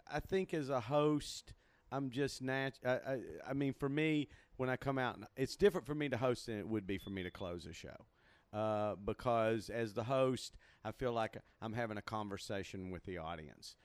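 A man chats casually about comedy, playful and hesitant. His voice is smooth and clean, recorded close and dry. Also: medium pitch, moderate pace, dry recording. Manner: playful, hesitant, self-mocking. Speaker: comedy club owner and host. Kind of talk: casual conversation.

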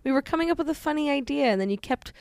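A woman bickers playfully with her co-host on a comedy podcast and defends her ideas. Her voice sits high and leaps around expressively, recorded close and dry. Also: animated, no room sound. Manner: playful, defensive, quick to laugh. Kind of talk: casual comedy podcast banter.

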